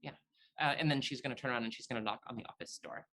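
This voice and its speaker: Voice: mid-range voice, very fast, fairly bright tone. A tabletop game player describing their character's actions, hesitant with many fillers.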